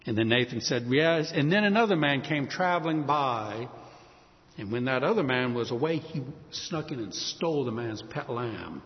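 Animated male preacher in a reverberant hall. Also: mid-range voice, moderate pace. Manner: animated storytelling, acts out voices of characters. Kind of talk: sermon. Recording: dull sound in a hall with long reverb.

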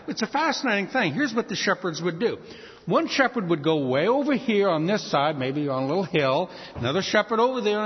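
Man preaching, from New Orleans, lively storytelling voice, high and expressive, dull sound in a reverberant hall. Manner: animated storytelling with sing-song calls. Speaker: pastor. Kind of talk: sermon.

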